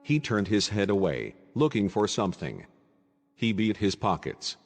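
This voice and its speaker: A man narrating a literary audiobook in a measured, ironic manner. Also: lowish voice, very animated, in a large hall, soft background music.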